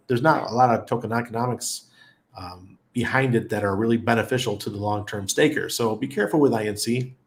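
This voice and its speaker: A middle-aged man with a lowish voice hosts a relaxed livestream chat, laughing often and greeting viewers by name. The recording has a reverberant, echoey quality.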